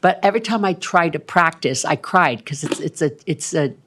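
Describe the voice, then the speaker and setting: A woman's voice: on the low side, animated, moderate pace. A woman in her sixties on the city council, giving a rambling, chatty report full of ums at a council meeting. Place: council chamber.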